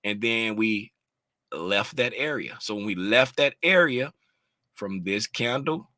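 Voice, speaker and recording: A man's voice: lowish voice, slow, no room sound, studio quality. A man walking viewers through price charts in a live lesson, asking the audience questions and drawing out key terms. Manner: animated, sings out terms, asks the audience questions. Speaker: trading educator.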